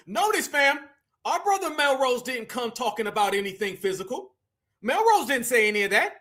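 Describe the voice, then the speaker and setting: Fiery high-voiced man ranting. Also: sing-song, normal speed. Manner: fiery, profane, often shouting. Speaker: political commentator reacting to clips. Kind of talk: heated reaction commentary.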